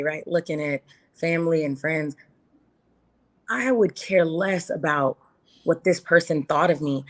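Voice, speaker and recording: Woman, interview guest, lowish voice, heartfelt, repeats herself for emphasis. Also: a bit bright. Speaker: podcast guest. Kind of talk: candid interview chat.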